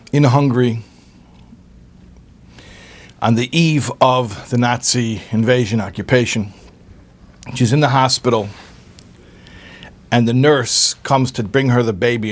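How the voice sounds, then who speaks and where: A man giving an earnest storytelling talk, often repeating words and pausing with fillers. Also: mid-range voice. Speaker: speaker giving a religious talk.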